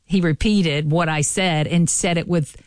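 A woman from rural Alabama with a strong Southern twang, chatting as a radio co-host, lively and quick to laugh. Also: lowish voice, no room sound, studio quality. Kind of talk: casual radio banter.

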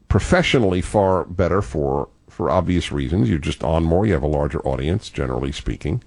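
A man's voice: on the low side, darkish tone. An older man hosting a call-in radio talk show, thoughtful and digressive, often restarting his sentences.

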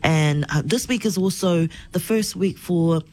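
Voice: medium pitch, measured pace. A congested person, chatting and telling stories on air as a radio co-host. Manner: chatty, animated storytelling. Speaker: radio co-host and children's author. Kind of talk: casual on-air chat. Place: radio studio.

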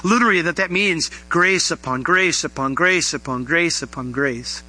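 A man delivers a sermon in a very bright, ringing voice pitched a little high. He preaches in an animated way, lifting his voice on emphatic questions. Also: moderate pace, faint music behind, poor audio. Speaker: pastor.

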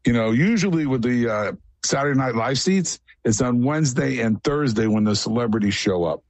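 A man of middle pitch talks in a rambling, matter-of-fact way, one story running into the next. The sound is dry and close, with no room around it. It is a casual radio interview. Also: lively intonation, moderate pace, no room sound. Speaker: guest.

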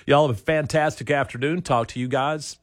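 A man's voice: medium pitch, a little fast, noisy background. A man, working as a classic-rock radio DJ, chatting casually about upcoming promotions with the odd um and uh. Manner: relaxed, chatty, with fillers. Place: radio studio.

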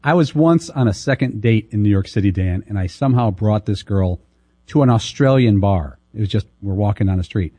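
A man co-hosting a sports radio show, with a fairly low voice and a dark, mellow tone. He delivers dry, deadpan jokes and short anecdotes. He sounds close to the mic, with no room echo. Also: fairly quick. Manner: dry, deadpan one-liners. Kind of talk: casual sports radio banter.

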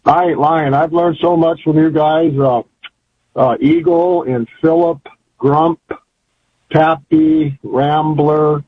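A man's voice: a little high, steady tone, slow pace, husky. An older man calling in to a radio show, talking in a rambling, folksy, emphatic way over a phone line. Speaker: caller. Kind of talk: call-in radio chat.

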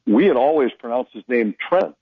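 Brisk and slightly rough, this mid-range male voice comes through narrow, tinny audio without room sound. He's a hockey announcer spinning stories in relaxed radio conversation, animatedly imitating whoever he's quoting.

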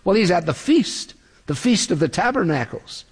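A man preaching an earnest expository sermon. He slows down when he quotes scripture. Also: sits high, sing-song, husky, big-room sound.

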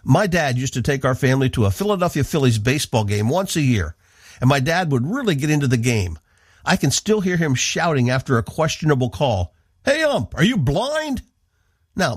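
A man from the northeastern United States, hosting a radio program with earnest, measured devotional Bible teaching. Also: mid-range voice, sing-song, husky, no echo, clean studio sound.

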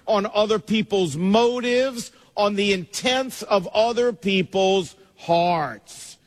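A middle-aged man, a pastor, preaching a sermon emphatically, his pace speeding up and slowing down. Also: sits high. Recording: long reverb of a large hall.

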